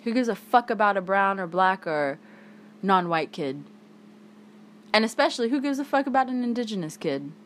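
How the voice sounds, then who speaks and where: A woman's voice: mid-range voice, expressive, moderate pace, a little hiss or hum. A woman hosting a solo podcast, talking angrily with heavy swearing, tired. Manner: angry, heavy swearing, emphatic. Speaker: podcast host.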